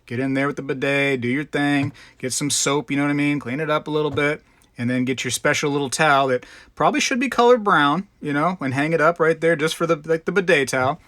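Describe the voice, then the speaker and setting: A man's voice: fairly high pitch, fast talker, fairly bright tone, no echo. A man hosting a live stream in casual, rambling chat, greeting viewers by name. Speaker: livestream host.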